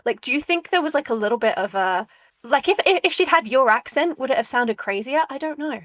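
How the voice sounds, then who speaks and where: A woman's voice: sits high, expressive, fast talker, a bit bright, no echo. A woman co-hosting a podcast, chatting casually with playful, teasing remarks. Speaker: podcast co-host. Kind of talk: casual chat.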